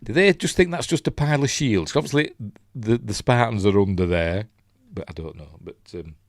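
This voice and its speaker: A man's voice: on the low side, moderate pace, dry recording, clean studio sound. A man with a Yorkshire accent chatting casually through a film review, rambling with lots of fillers and restarts. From Yorkshire, England. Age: middle-aged. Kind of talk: casual live commentary on a film.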